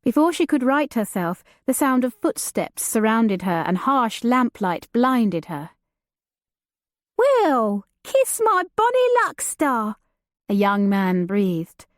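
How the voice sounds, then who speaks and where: Woman narrator, unhurried, deliberate, dry close sound. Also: on the high side, a little mellow, no room sound. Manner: measured, deliberate storytelling. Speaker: audiobook narrator. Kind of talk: scripted narration.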